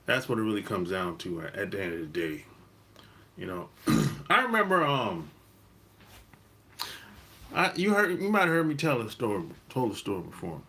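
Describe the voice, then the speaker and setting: Bright-voiced man musing casually. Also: on the low side, moderate pace, pauses often. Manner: relaxed, rambling, repeats himself, laughs often. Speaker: dating advice host. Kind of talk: casual monologue.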